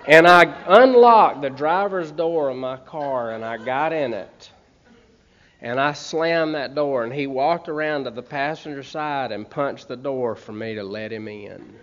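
Middle-aged Southern man, folksy humorous storyteller addressing a crowd, mid-pitched, slightly dull recording. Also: a little slow. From Montgomery, Alabama. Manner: folksy, keeps checking in with "okay?" and "man". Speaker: speaker sharing a recovery story. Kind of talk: humorous personal storytelling to an audience.

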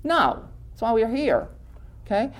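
A woman's voice: on the high side, sing-song, measured pace. Woman at a recovery meeting, talking straight to the group, conversational, keeps asking the room questions. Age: adult with many years in recovery. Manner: conversational, quizzes the audience, laughs often. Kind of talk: informal talk to a group.

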